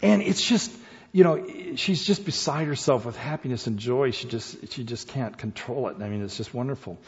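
Male speaker, folksy and animated, talks straight to the crowd; muffled recording with long hall echo. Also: medium pitch. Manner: folksy, halting, animated, addresses audience directly. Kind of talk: storytelling to an audience. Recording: dull sound in reverberant hall.

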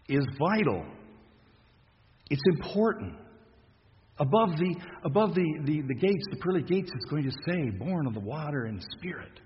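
Man preacher, conversational sermon, halting delivery, long church reverb, slightly muffled recording. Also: on the high side, slight background noise. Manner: conversational, halting with restarts and soft laughs.

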